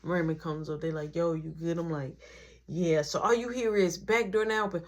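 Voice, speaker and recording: A woman's voice: lowish voice, a little fast. A woman telling a story in casual slang, acting out the voices of everyone in it. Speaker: storytime vlogger.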